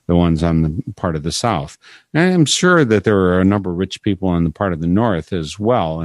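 Deep-voiced male interviewer, dry sound. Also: darkish tone, no echo. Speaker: interviewer, host. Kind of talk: interview questions.

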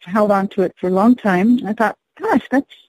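A singer-songwriter woman from the Navajo Nation, telling an unhurried, reflective story to introduce one of her songs. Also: mid-range voice, fairly even intonation, a little mellow, slightly rough, rough recording. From Navajo Nation, US Southwest.

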